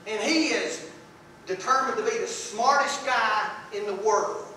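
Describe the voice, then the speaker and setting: A man's voice: high-pitched, measured pace, bright, forceful tone, slight background noise. A man preaching a sermon in a folksy, emphatic way, repeating words for stress. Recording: echoey room, voice from a distance.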